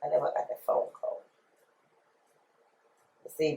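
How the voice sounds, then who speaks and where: A woman's voice: low voice, big pitch swings, unhurried, pauses often, mellow. Blunt New woman rapper, roomy sound. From New Orleans, USA. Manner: emphatic, repeats phrases, slangy and blunt. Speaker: rapper being interviewed. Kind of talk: candid interview storytelling. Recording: roomy echo.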